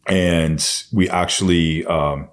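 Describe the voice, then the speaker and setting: A man's voice: deep voice, steady tone, slow pace. A man telling his own story as a podcast guest, bluntly and with constant swearing. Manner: blunt, heavy swearing, intense retelling. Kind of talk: candid storytelling.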